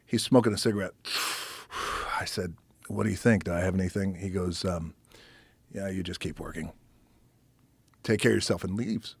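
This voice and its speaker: A man telling a personal story as a podcast guest. He talks in an animated way, swears freely, acts out the people he quotes, and drops to a whisper at times. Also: low-pitched, normal speed, vocal fry, slightly rough, dry recording. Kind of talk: casual storytelling.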